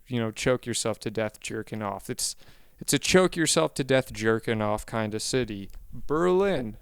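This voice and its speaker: Man, comedic monologue, rambling, self-correcting, deadpan, very smooth voice, dry close sound. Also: medium pitch, unhurried, dry recording.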